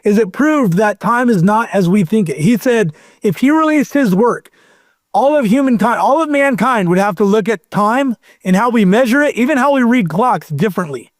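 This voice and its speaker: A man's voice: sits high, normal speed, no room sound, clean studio sound. A man telling a long story in casual chat, rambling and acting out quotes. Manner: rambling, animated storyteller who acts out quotes. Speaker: podcast guest.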